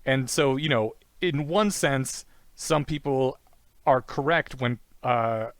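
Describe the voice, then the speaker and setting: A man hosting a podcast, talking casually and telling stories with lively acted-out quotes. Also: mid-range voice, takes it slowly, dry recording. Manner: animated storyteller, acts out quotes. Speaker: podcast host.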